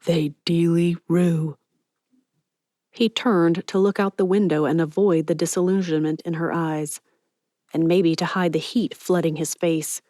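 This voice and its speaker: A woman reads an audiobook as scripted narration, with a steady, even storytelling delivery. Her pitch is fairly low and her pace moderate, captured in a dry, clean studio recording.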